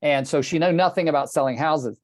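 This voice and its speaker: A man's voice: fairly high pitch, fairly quick, dry recording, clean studio sound. An older man coaching real estate agents on a group video call, telling stories bluntly and with passion, swearing casually.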